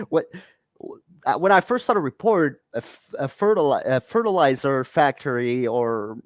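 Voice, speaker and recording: A Canadian podcast host chats casually from a room at home, rambling and laughing often as he reads out chat comments. His mid-range voice has lively intonation and a moderate pace, and the recording is dry.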